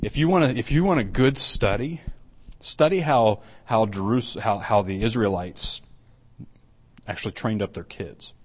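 A man's voice: lowish voice, measured pace, breathy edge. A middle-aged man, an elder preaching a conversational sermon, often repeating and restarting, then building to emphatic points.

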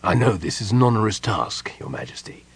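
A calm, unyielding elf general who speaks slowly and deliberately, pausing with small hesitations, as a man reads him in an audiobook. His voice drops well below the narrator's usual pitch and sounds husky. He stays quiet rather than loud. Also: full character voice. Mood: soothing. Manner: measured, deliberate, with soft hesitations. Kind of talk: audiobook character reading.

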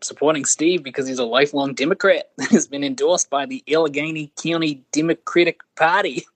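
A man voicing an upbeat male Australian campaign caller, with an Australian accent and a chirpy scripted sales pitch. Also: a little fast, no room sound, natural voice.

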